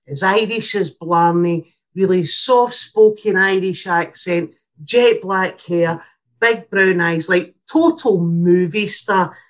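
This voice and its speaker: A Scottish woman telling a comic story in a casual, sweary, blunt and animated way. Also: on the low side, takes it slowly.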